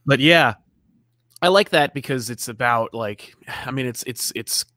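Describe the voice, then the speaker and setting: A man's voice: medium pitch, measured pace, bright, forceful tone, no room sound, clean studio sound. A man co-hosting a podcast, chatting casually and rambling, and reading out listener comments. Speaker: podcast co-host. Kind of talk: casual chat.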